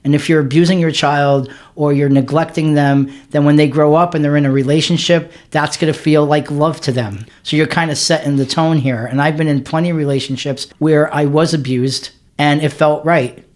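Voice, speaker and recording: A man being interviewed as a guest, telling his story candidly with earnest emphasis and quick restarts. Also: on the high side, steady tone. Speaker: podcast guest, author.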